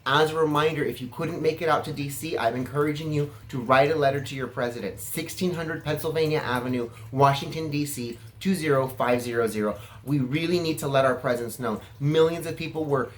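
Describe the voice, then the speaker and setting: A man's voice: fairly high pitch, brisk, few pauses, a little hiss or hum. A man from California giving a casual, self-assured vlog monologue, chatty and flamboyant in manner. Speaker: political vlogger.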